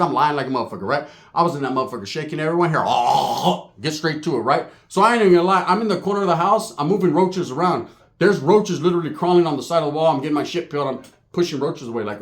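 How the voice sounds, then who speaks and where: A man telling a comic story, animated and profane, acting out the voices of the people in it. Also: on the high side, fast talker. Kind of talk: comedic storytelling.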